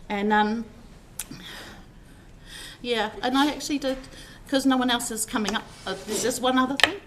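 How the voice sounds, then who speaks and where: A woman's voice: a little high, a little hiss or hum. A woman telling personal stories in a heartfelt, rambling eulogy, with many fillers as she speaks. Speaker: family member giving a tribute at a funeral service.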